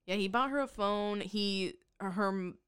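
A woman co-hosting a podcast in casual chat, recapping a show with sarcastic, exasperated asides and quick laughs. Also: medium pitch, a bit bright, smooth, no echo, clean studio sound. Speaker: podcast co-host.

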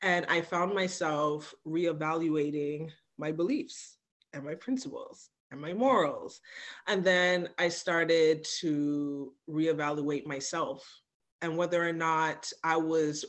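A woman guest on a podcast, telling personal stories in a candid, animated way with frequent fillers. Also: sits low, takes it slowly. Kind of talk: candid conversational storytelling.

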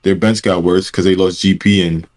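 Young dude on a podcast, real deep voice, blunt, swears a lot. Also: male voice, steady tone, moderate pace, a little mellow. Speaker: podcast co-host. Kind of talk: casual chat.

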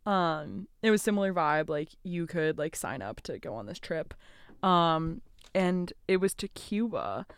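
A young woman co-hosting a podcast, telling a school trip story in a relaxed way with many fillers. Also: lowish voice, measured pace, clean tone, no room sound. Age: young adult. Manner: laid-back storytelling with fillers. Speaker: podcast co-host. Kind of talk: casual chat.

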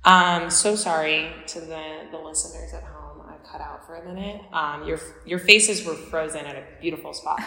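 A woman's voice: sits low, steady tone, normal speed, gravelly, hardly any pauses, bright, forceful tone, reverberant, big-room sound. A young woman co-hosting a casual podcast over a video call, chatty and self-deprecating. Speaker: podcast co-host. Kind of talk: casual chat. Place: apartment building lobby.

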